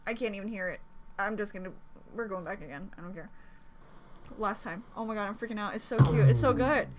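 A young woman hosting a reaction video, gushing and gasping with excited fan commentary. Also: medium pitch. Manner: gushing, squealing, gasping, rapid exclamations.

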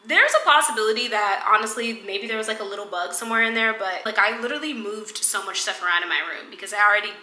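A woman's voice: medium pitch, fast talker, hardly any pauses, sharp tone. A woman casually chatting and rambling playfully as she makes tea at home for her vlog. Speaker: lifestyle vlogger. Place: home kitchen, indoors. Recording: roomy home echo with background music. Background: music playing.

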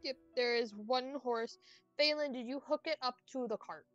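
A woman's voice: high voice, normal speed, lo-fi sound, faint music behind. A young woman narrating a tabletop game as game master, rambling with many fillers and restarts.

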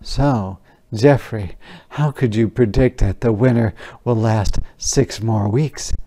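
A man voicing a curious storybook raccoon who asks questions in a soft, plain voice. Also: lowish voice, takes it slowly.

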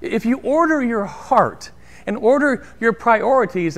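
Preaching in a chatty, sing-song way, this pastor uses a voice that sits high and moves at a measured pace. He regularly pauses to engage the congregation, tossing in "right?" again and again.

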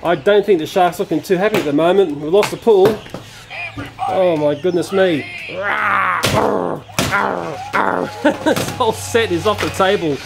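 A man's voice: high voice, a little slow, gravelly, pauses often, very noisy. A man casually reviewing a toy playset, chatty and given to exclamations like "oh dear.".

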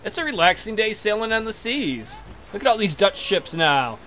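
A man's voice: high voice, very animated, moderate pace, sharp tone, a little hiss or hum. A young man casually commentating as he plays a game, crude and joking, trash-talking the enemy ships. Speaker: let's play commentator.

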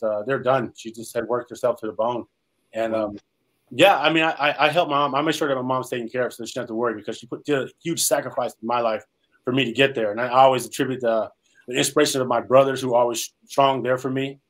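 Fast-talking man telling his life story. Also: mid-range voice, low-quality recording. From Salinas, California, US. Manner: earnest, rambling storyteller with frequent "um"s and restarts. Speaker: interview guest, former pro football player. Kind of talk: storytelling in a casual interview.

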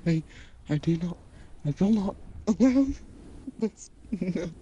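A performer doing a scornful horned demon in an audio role-play, slow and disdainful, with a dark, mellow voice. The captive keeps a haughty, defiant tone. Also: mid-range voice, animated, highs cut off, a little hiss or hum. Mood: resisting tickles. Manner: haughty, defiant, breaking into laughter. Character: captured proud demon with horns.

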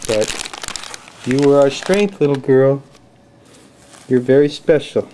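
A man's voice: medium pitch, animated, slow, long pauses, dark tone. A father filming a home video at home on a handheld camcorder, talking earnestly and calling to his toddler in a coaxing sing-song. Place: family home, indoors.

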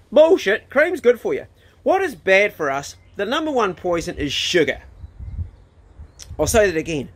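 A blunt, emphatic man talks straight to camera in a casual vlog. His voice sits a little higher than most men's, and he punches his points with the odd swear word. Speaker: vlogger. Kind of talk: casual opinionated talk to camera. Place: outdoors in a garden, then indoors.

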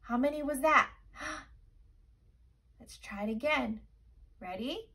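A woman teaching young children a remote lesson, speaking in a slow, encouraging, sing-song way and often checking "okay?". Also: high-pitched, bright, forceful tone, slightly rough.

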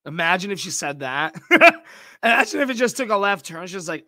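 A brash man commenting on clips with a bright, cutting edge to his voice. He swears freely and mocks what he hears, and his pitch leaps up when he gets loud. The sound is dry and close. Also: expressive, fast, dry recording. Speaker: reaction streamer. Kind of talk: profane reaction commentary.

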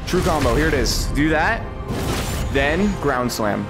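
A young man streaming gameplay, commenting live with lots of swearing and sudden high-pitched outbursts of frustration. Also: sing-song, a little slow, over loud music. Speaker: game streamer.

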